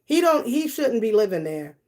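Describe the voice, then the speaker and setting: A woman with a warm, sing-song voice on the high side, speaking at normal speed, hosts a casual live stream. She reads her chat aloud, gossips bluntly and with plenty of profanity, laughs often, and talks directly to her viewers.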